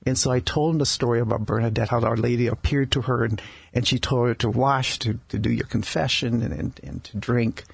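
A male doctor in a radio studio interview, telling stories about his patients in a halting way, with frequent restarts and repeated words. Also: mid-range voice, steady tone, vocal fry, breathy edge, no room sound. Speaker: palliative care doctor, guest. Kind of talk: conversational storytelling interview.

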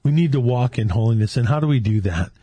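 A man, a Catholic men's ministry leader from California, telling faith stories with lively quoted dialogue in casual chat. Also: medium pitch, fast talker, breathy edge, dry recording.

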